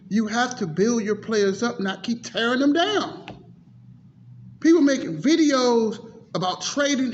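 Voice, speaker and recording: A man with a very high voice delivers an exasperated, profanity-laced sports rant straight to the camera. His talk circles back on itself with heated repetition. The audio is dull and lo-fi, with a faint hiss underneath. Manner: frustrated, cursing, repetitive ranting. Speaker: sports vlogger. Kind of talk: ranting sports commentary.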